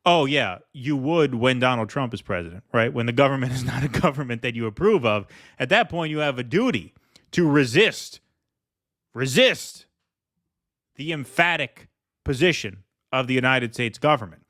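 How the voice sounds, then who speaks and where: A man's voice: mid-range voice, lively intonation, moderate pace, a bit bright. A man hosting a political commentary show, talking sarcastically and mockingly as he reacts to news clips.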